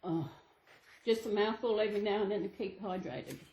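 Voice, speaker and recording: A woman's voice: medium pitch, animated, moderate pace, dark tone. A woman channel host reading a children's storybook aloud to her dolls, sing-song with chatty asides. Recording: echoey room.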